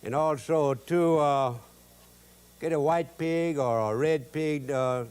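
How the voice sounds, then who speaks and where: A man's voice: a little high, takes it slowly, a little mellow, clear, resonant tone. A man with a Cajun accent hosting a cooking show, drawling and joking in homespun, broken-grammar talk. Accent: Cajun English. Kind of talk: folksy cooking demonstration with jokes.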